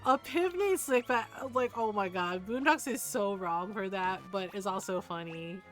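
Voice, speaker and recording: A woman streaming a video game, chatting casually with viewers, laughing often and retelling stories with animated energy. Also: medium pitch, normal speed, faint music behind. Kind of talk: casual gameplay stream chat.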